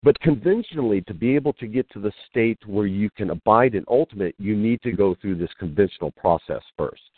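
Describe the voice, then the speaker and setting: A man with a low voice teaches spiritual ideas as a guest, telling stories and acting out quotes. His delivery swings widely in pitch. The sound is dry and narrow, as if heard over a phone. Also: lively intonation, a little fast, husky, no room sound. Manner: storytelling with acted-out quotes.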